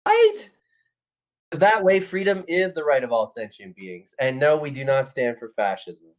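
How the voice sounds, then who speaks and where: A man's voice: on the high side, big pitch swings, normal speed. Playful chatty man from Canada. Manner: playful, joking, chatty with frequent restarts. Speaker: band member guest speaking in a robot persona. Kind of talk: casual livestream chat.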